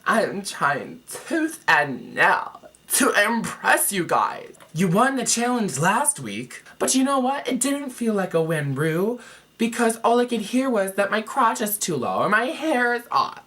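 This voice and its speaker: A man voicing a tearful young drag queen pleading with judges in a high, breathless voice. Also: very animated, unhurried, bright, forceful tone, full character voice.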